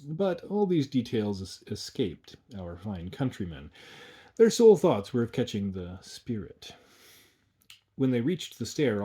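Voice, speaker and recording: A man narrating a dark old storybook aloud, measured and hushed. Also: fairly low pitch, slightly rough.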